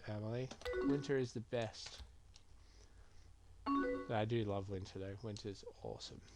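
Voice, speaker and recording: A man plays through a chat-based game and reads message options aloud in an unhurried, mumbling way. His voice sits at an ordinary pitch. Keyboard typing clicks are clearly audible under his talk. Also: background noise. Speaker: gaming streamer.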